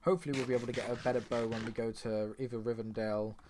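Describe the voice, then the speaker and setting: A man's voice: medium pitch, little pitch movement, fast talker, darkish tone, a little hiss or hum. A young man casually commenting on his own game as he plays, chatty and rambling, with sudden surprised outbursts. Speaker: gaming channel host. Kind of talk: casual let's-play commentary.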